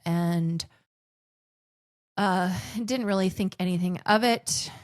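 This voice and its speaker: A woman's voice: on the low side, takes it slowly, no echo, studio quality. Chatty woman guest telling stories. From grew up in the Philippines. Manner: chatty, restarts sentences often. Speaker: podcast guest. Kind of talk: casual conversational storytelling.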